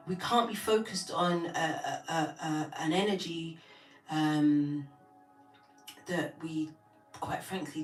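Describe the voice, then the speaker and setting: A woman, hosting a tarot live stream and chatting casually with viewers while she tells a long story. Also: low voice. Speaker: tarot reader and host. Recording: echoey room from a distance with faint music.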